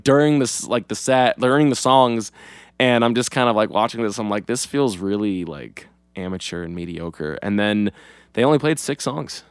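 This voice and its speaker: A man's voice: mid-range voice, smooth, dry recording, studio quality. A young man casually co-hosting a podcast, telling a story in a rambling way with many fillers and swearing freely. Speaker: podcast co-host. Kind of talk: casual chat.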